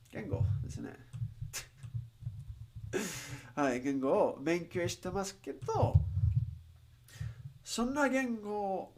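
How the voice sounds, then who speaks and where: Lively streamer thinking aloud. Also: mid-range voice. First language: not English. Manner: thinks aloud with frequent restarts, halting fillers when speaking Japanese. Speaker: livestreamer learning Japanese. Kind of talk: casual livestream chat.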